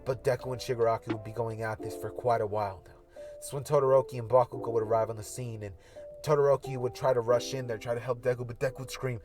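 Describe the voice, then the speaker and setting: A man's voice: mid-range voice, fairly even intonation, fast, music in the background. A man casually narrating a hypothetical anime fight scenario, rambling with fillers. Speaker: YouTuber. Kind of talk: casual fan-fiction storytelling.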